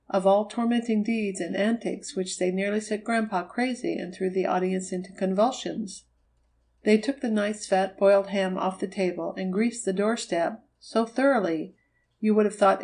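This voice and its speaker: A woman narrating a children's storybook in an even, measured reading. Her voice sits at a middle pitch for a woman. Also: gravelly, rough recording. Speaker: audiobook reader. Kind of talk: scripted narration.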